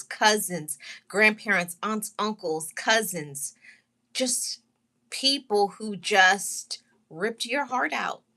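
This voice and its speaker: Bright-voiced woman, tearful heartfelt testimony. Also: mid-range voice. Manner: heartfelt, repetitive, pausing and restarting, greets live chat. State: holding back tears. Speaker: channel host sharing her story. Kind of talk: emotional personal testimony to viewers.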